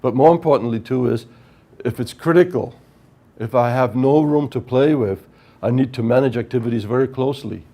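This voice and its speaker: A man with a mid-range, dark-toned voice talks a little fast while teaching a project management workshop at a whiteboard. He walks through the material step by step in a technical lecture, frequently checking in with "right?"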